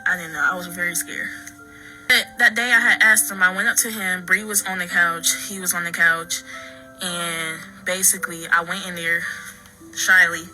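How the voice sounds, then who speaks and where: A woman recounting her own story in halting, earnest talk full of restarts and fillers. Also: fairly low pitch, bright, forceful tone, low-quality recording. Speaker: daughter telling her story. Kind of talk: personal account.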